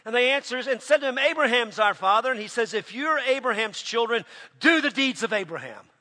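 A man preaching a sermon with passion, dropping to a hush and then rising to shouts. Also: very high voice, animated, brisk, in a large hall. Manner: impassioned, swings from hushed to shouting.

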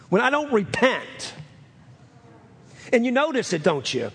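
A man's voice: very high-pitched, unhurried, breathy edge. A man preaching a sermon as pastor, acting out the lines of scripture with animation. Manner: animated, acts out scripture dialogue. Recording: long reverb of a hall.

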